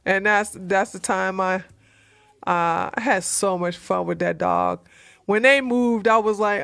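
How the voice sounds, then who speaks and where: A woman's voice: medium pitch, a little slow, vocal fry, a bit bright, no room sound. A woman hosting a livestream, chatting casually in a rambling way, laughing often and answering viewer comments. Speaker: livestream host.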